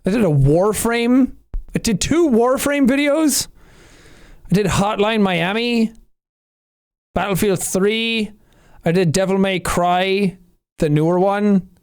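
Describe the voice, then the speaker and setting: An Irish man reacting to his own old gaming videos in casual commentary, animated with loud playful outbursts. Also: sits high, takes it slowly, pauses often, clear, resonant tone.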